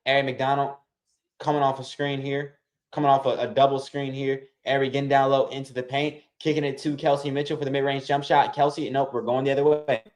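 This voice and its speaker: Excitable man calling a game for viewers. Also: medium pitch, brisk. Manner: excitable, keeps addressing viewers as y'all. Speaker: watch-along host. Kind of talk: casual play-by-play commentary.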